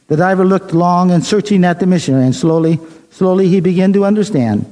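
A man delivers a sermon with a mellow, warm tone. He tells a story in a measured way, reading the lines of dialogue plainly. His voice sits a bit above the usual male pitch. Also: poor audio. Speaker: preacher.

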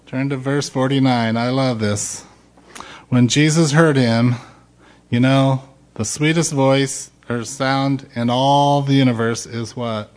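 Slow, emphatic male preacher. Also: mid-range voice. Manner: slow, emphatic preaching, rising loud when quoting shouts. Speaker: pastor. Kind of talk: sermon.

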